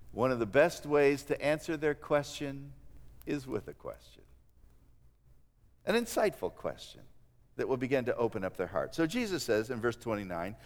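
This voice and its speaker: A man preaching a sermon in an animated way, acting out the voices of the people he quotes. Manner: animated, acts out quoted voices with big pitch swings. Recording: long reverb of a large hall.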